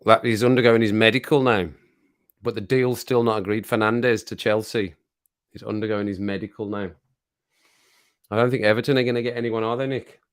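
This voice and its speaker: A man's voice: fairly low pitch, fairly even intonation, fairly quick, clear, resonant tone, no echo, clean studio sound. A man hosting a livestream, chatting casually, reading the chat aloud and laughing often. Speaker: livestream host.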